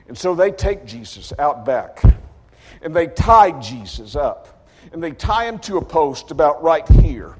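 A man preaching a sermon as a dramatic story, acting out the characters with sudden loud outbursts. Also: medium pitch, very animated, measured pace, husky, long reverb tail.

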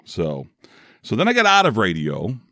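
A man's voice: on the low side, wildly swooping pitch, moderate pace, vocal fry, bright, forceful tone, dry recording, clean studio sound. A middle-aged man from Northeast Ohio, a former radio DJ, hosting his own podcast in a chatty, self-deprecating way. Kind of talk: casual solo podcast monologue.

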